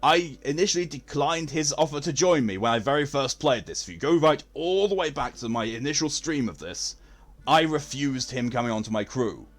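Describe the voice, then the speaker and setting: A man's voice: mid-range voice, animated, moderate pace. Theatrical man streaming a game. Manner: theatrical, posh-leaning delivery. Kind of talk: casual live game stream chat.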